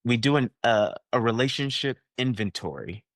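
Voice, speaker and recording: A man speaking as an interview guest, with a middle-pitched voice in a dry, close setting. He brings in quoted people with lively put-on voices as he explains his ideas. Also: normal speed, dry recording. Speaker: guest coach. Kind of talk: conversational interview.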